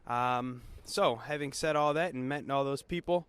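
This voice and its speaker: A man's voice: mid-range voice, normal speed, smooth. A man interviewing people on the street, friendly and encouraging, laughing easily. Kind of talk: street vox-pop interview.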